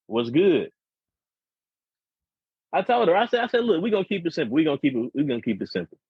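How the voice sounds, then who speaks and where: A husky-voiced man rambles through a profane, repetitive story on a casual podcast. His sound is dry and close, with dull, lo-fi podcast audio that lacks any sparkle. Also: on the high side, sing-song, fast, no room sound. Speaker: podcast co-host.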